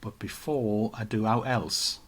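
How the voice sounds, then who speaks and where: A man's voice: lowish voice, fairly even intonation, measured pace, breathy edge. A man, co-hosting a casual podcast chat, joking and reading out viewer comments. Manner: chatty, joking, reads out comments. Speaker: podcast co-host.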